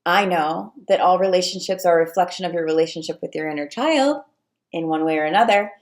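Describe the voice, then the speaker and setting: A woman coaching viewers on relationships in a casual talk, animated and acting out the voices of clients and fears. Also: on the low side, fairly quick. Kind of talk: casual direct-to-camera advice talk.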